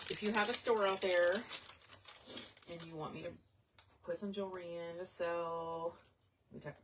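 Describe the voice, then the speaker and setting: Rambling low-voiced woman vendor. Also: noisy background. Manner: rambling, chatty. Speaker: vintage and jewelry vendor. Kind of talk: casual selling vlog.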